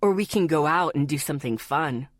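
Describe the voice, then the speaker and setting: A woman's voice: sits low, lively intonation, brisk, no room sound, clean studio sound. A woman reading aloud as a shy, sweet teenage boy who mutters bashfully.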